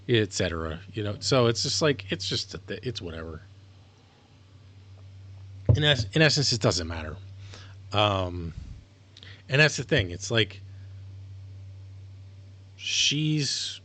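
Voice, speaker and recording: A man's voice: mid-range voice, sing-song, unhurried, long pauses, a bit bright. A man streaming live, talking casually in a rambling, self-correcting way as he explains things. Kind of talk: casual livestream monologue.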